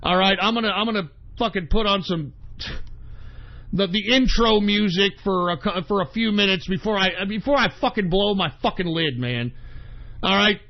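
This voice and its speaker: A man's voice: high-pitched, moderate pace, creaky. A man hosting an internet radio show, ranting in exasperation, swearing heavily and repeating himself. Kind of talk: angry on-air rant. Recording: dull lo-fi stream audio.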